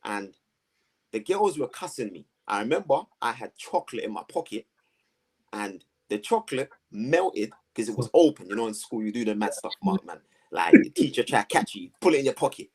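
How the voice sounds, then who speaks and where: A man, telling his story to two hosts in a lively, slangy way, acting out the voices of people around him. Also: medium pitch, a little fast, slightly rough. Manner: animated, slangy storytelling with acted-out quotes. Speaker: guest. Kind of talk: storytelling in a conversation.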